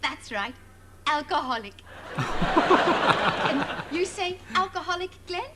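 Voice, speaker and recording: An actress playing a sing-song, condescending children's TV presenter with barbed asides. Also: female voice, sits high, huge pitch swings, unhurried, heavy background noise, heavily acted. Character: sugary sarcastic woman kids' TV presenter.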